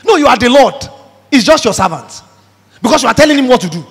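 A man's voice: extremely high pitch, very animated, fast talker, a bit bright, slightly rough. A man preaching a sermon emphatically, acting out the voices he quotes. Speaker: pastor. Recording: reverberant hall.

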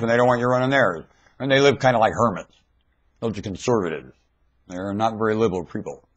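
A man in a rambling webcam monologue, veering between high shouts and low mutters, recorded on a webcam microphone at home. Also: slightly rough, muffled recording. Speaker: vlogger.

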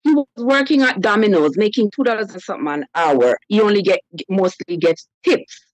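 A woman's voice: medium pitch, a little fast, no room sound, rough recording. A woman telling a personal story on a call-in show, animatedly acting out the voices of the people in it. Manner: animated storyteller who acts out quoted voices. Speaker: caller.

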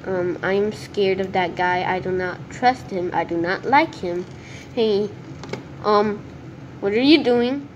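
A woman commenting on her own gameplay as she plays, talking to herself in an excitable, nervous way. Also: medium pitch, slow, lo-fi sound, slight background noise. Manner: excitable, nervous self-talk. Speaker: gaming video creator.

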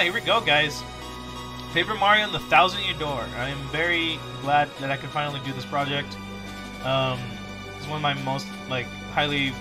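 Goofy young let's-play guy. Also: a little high. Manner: goofy, self-mocking. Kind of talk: casual gameplay commentary. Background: game music.

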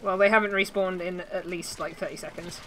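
A woman's voice: lowish voice, fairly even intonation, fairly quick, fairly bright tone, slight background noise, rough recording. Woman, giggly gamer co-host, teasing banter, casual delivery. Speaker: podcast co-host playing an online game. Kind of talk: casual gaming chat.

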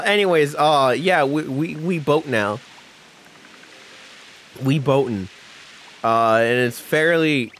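A man hosting a let's play, giving rambling, self-deprecating commentary with quick mumbled asides. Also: mid-range voice, fairly bright tone, a little hiss or hum. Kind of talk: casual gameplay commentary.

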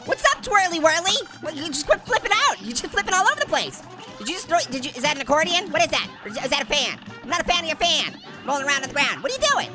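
A man voicing a hyper, wisecracking talking orange as he comments on a game, with a sped-up, pitch-shifted voice, giggling and punning. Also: big pitch swings, very fast. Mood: giggly, teasing. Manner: giggly, punning, goofy taunts. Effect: sped-up high pitch-shifted voice. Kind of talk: let's play commentary. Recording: loud game music underneath. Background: game music.

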